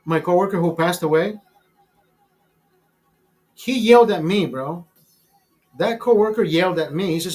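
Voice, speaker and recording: A man's voice: high voice, normal speed, long pauses, darkish tone. A man hosting a show, telling a story in a casual, profane and emphatic way, often repeating himself. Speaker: show host.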